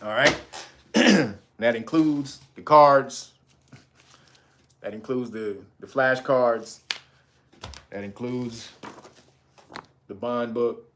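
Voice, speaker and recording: A man's voice: medium pitch, very slow, pauses often, background noise. A man hosting a livestream, ranting in a blunt, profane and preachy way. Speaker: livestream host. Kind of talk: heated livestream rant.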